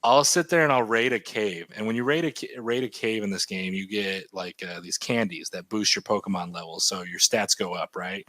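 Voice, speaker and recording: A man's voice: on the low side, normal speed, hardly any pauses, no room sound. A man in his thirties co-hosting a casual podcast, rambling animatedly about video games over a remote call. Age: 30s. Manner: rambling, animated gamer talk. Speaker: podcast co-host. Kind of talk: casual chat. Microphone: remote call mic.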